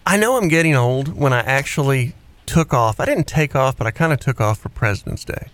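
A man's voice: medium pitch, expressive, a little fast, a bit bright. A man in his fifties hosting a radio show, chatting casually in a rambling, self-deprecating way. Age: 50s. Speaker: radio host. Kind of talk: casual morning radio chat.

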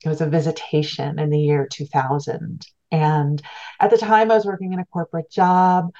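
A middle-aged woman who works as a spiritual teacher tells a personal story as an interview guest, earnest and reflective, often restarting and repeating words. Her voice sits low and mellow, with a steady tone and normal speed. The recording sounds dull and lo-fi.

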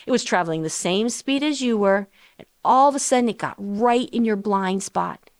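A middle-aged woman hosting a financial planning show, talking in a chatty, animated way with rhetorical questions. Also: fairly high pitch, normal speed, few pauses, smooth, no room sound, studio quality. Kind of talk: conversational radio-style finance talk.

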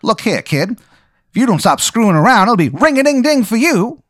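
A man's voice: sits high, big pitch swings, moderate pace, fairly bright tone, no echo, clean studio sound, pitched above the performer's own voice. A man voicing a 1920s-style male private eye who talks in old gangster slang. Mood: menacing. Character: fast-talking 1920s tough-guy male private eye.

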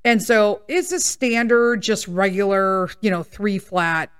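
Speaking a little slowly in a clear, resonant, medium-pitched voice, a Chicago-area podcast host shares a personal story. Her telling is rambling and full of swearing and tangents, and she keeps asking "okay?" and "right?"

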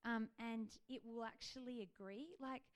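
Woman in her thirties, earnest and gentle, a little high-pitched, sharing a personal faith story. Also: steady tone, moderate pace. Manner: gentle, earnest, with frequent ums and likes. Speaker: Christian speaker sharing faith testimony.

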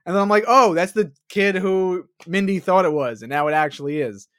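A man's voice: sits high, fairly quick. A man co-hosting a podcast, ranting about a movie in casual chat, swearing often. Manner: profane, ranting, animated. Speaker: podcast co-host.

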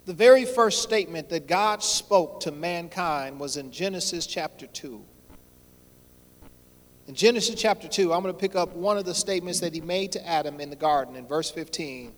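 A man preaching a sermon, repeating phrases and swelling louder on his key points, with a folksy way of addressing the congregation. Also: fairly high pitch, moderate pace. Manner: folksy, addresses crowd as y'all. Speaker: pastor. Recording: long hall reverb.

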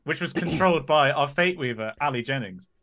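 A man's voice: a little high, animated, brisk, a bit bright. A man playing in a tabletop game, talking casually with many hesitations. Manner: hesitant, full of fillers. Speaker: player. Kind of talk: casual group chat.

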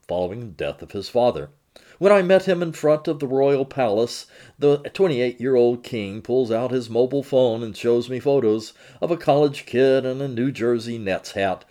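A man reporting and narrating his own magazine feature in a measured, expressive storytelling manner. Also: medium pitch.

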